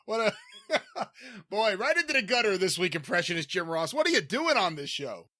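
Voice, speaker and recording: A man's voice: sits high, big pitch swings, sharp tone. A man hosting a comedy podcast, giggly and playful in casual chat. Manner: giggly, quick to laugh, playful. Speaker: podcast host.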